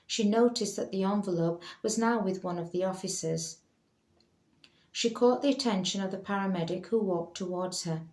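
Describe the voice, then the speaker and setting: A woman reading a story aloud in calm, measured narration. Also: fairly low pitch. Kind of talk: scripted narration. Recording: roomy echo.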